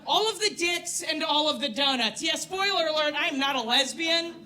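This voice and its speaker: A woman's voice: high-pitched, expressive, normal speed, background noise. A woman in her thirties from New York doing a crude, self-mocking stand-up set on a comedy club stage. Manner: brash, crude, self-mocking, loud put-on voices in bits.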